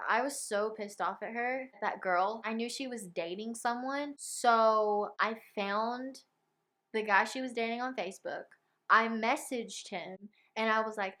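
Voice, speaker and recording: A young woman telling a personal story to camera in a casual vlog, with lots of filler words and animated retellings. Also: mid-range voice, moderate pace. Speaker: vlogger.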